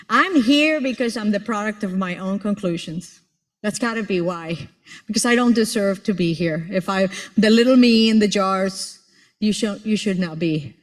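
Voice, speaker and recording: A woman in her sixties giving a playful, teasing motivational speech to an audience, repeating words for emphasis. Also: mid-range voice. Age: 60s. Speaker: conference speaker. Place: large auditorium. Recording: long hall reverb in an auditorium.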